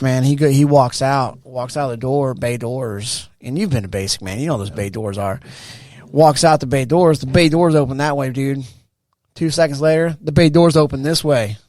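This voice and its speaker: A man in his forties, a veteran guest, telling a story in a casual interview with slangy, animated delivery. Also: medium pitch, no room sound. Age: 40s. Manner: animated, acts out quoted voices, slangy.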